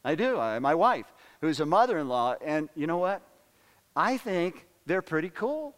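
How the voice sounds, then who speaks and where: A man's voice: a little high, very animated, normal speed, big-room sound. An older man preaching a sermon in an earnest way, repeating words and phrases for emphasis. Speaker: pastor.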